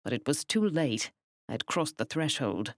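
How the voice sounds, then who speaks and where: Low-voiced woman narrating an audiobook. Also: animated, no room sound, clean studio sound. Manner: measured, wry. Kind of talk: scripted narration.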